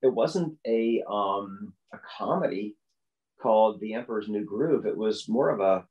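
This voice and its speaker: A man who works as a voice actor, telling stories in a podcast interview and acting out the quoted lines with big leaps in pitch. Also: measured pace, dull audio. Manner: animated storyteller, acts out quotes with big pitch jumps. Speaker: voice actor guest.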